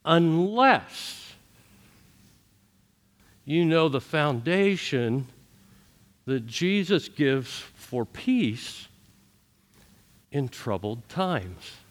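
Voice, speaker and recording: Middle-aged male pastor, sermon, earnest storyteller, a bit high-pitched. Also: very animated, very slow, pauses often. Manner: earnest storytelling with shifting voice for quoted thoughts.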